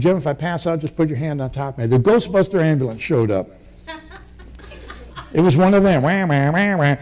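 Give me an older veteran man with a mellow, slightly high voice, telling a vivid, rambling story. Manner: rambling and vivid, with many restarts. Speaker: military veteran recounting his past. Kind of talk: oral history storytelling.

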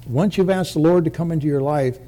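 A man's voice: fairly high pitch, brisk, mellow. Folksy man preaching his testimony. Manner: folksy, joking, rambling. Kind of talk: church testimony sermon.

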